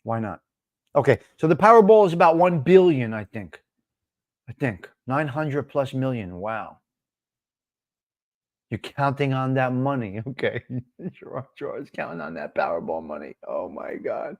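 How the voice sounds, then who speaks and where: A man's voice: mid-range voice, unhurried, vocal fry, no room sound, studio quality. A man hosting a live stream, chatting casually with viewers, laughing often and answering the chat. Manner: laughing, animated, talks back to chat.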